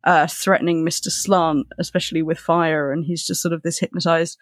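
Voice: mid-range voice, flat delivery, a little fast, hardly any pauses, no room sound. A podcast co-host chatting enthusiastically about a book, swearing casually. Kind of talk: casual chat.

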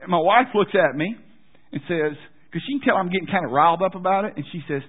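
A male pastor tells a story from the pulpit in a loose, self-deprecating way, often stopping to restart his sentences. His voice sits at a middle pitch, a little husky, and the recording sounds thin, like a phone line. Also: expressive, fast talker. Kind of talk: storytelling sermon.

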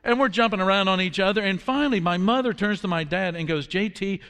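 A man in his fifties preaching a sermon, telling stories in an animated way that drops to a hush for quoted lines. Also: sits high, quick pace, smooth, long reverb tail. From Washington, D.C. area. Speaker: pastor.

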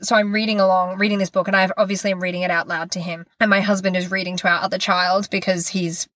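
A woman in her thirties chats on a podcast in a voice of middling pitch, bringing her story to life by acting out what everyone said. The sound is close and dry, with no room around it. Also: fast talker, dry recording. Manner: animated storytelling, acting out quoted dialogue. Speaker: podcast co-host. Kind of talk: casual chat.

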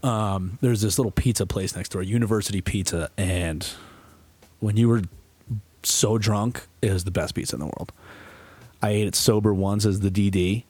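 A man's voice: lowish voice, fairly even intonation, normal speed, a little mellow, no room sound. A young man co-hosting a podcast, telling a rambling, profane story in casual chat. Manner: profane, rambling storyteller who acts out quotes. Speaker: podcast co-host.

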